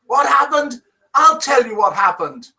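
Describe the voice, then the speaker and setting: A man voicing an enraged Irish son-in-law in a joke, with an attempted Irish accent and loud, strained outrage. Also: extremely high pitch, lively intonation, unhurried, vocal fry, far from the mic, voice pushed up, exaggerated voice. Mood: outraged. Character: furious Irish son-in-law, packing to leave.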